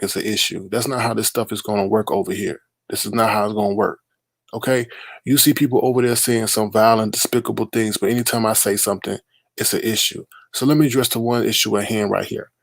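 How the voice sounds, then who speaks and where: Blunt profane livestream host, dry sound. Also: male voice, fairly low pitch, fairly even intonation, fast, gravelly, dry recording. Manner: blunt, profane, calling people out. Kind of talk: casual livestream rant.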